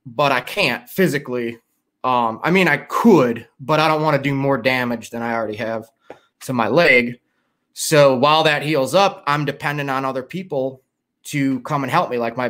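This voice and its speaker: Hosting a laid-back livestream, this middle-aged Chicago-area man rambles wearily and curses heavily, his mid-range voice carrying a fairly bright tone.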